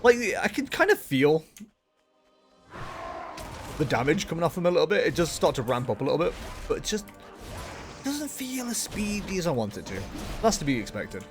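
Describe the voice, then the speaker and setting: A man's voice: on the high side, sing-song, normal speed, pauses often, music in the background. A man chatting casually as he streams a game, rambling along with frequent fillers and self-corrections. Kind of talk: casual gameplay commentary.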